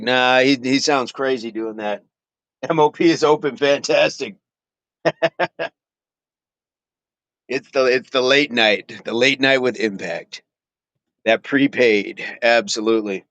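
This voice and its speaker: A man with a mid-range, slightly bright voice hosts a casual fitness livestream, reading viewer comments aloud and chatting playfully. He laughs often and repeats his phrases. The audio is dull, with no room sound.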